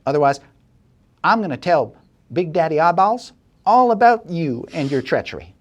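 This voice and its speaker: A man's voice: a little high, animated, normal speed, voice pushed up, lightly acted. A man voicing a bossy, ambitious woman who blackmails a henchman for her silence. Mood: demanding. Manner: bossy, demanding.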